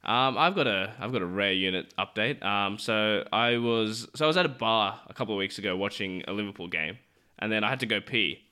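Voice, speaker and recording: A young man who talks fast and keeps his stories rolling, playing both sides of a conversation as he goes. His voice is bright and forward, and his style is loose, laughing chat among friends. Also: lowish voice, smooth. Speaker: podcast co-host. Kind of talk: casual chat, storytelling.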